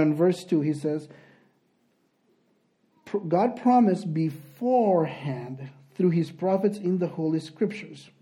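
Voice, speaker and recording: A man's voice: a little high, dark tone. A man preaching and teaching a sermon, explaining at length with frequent restarts.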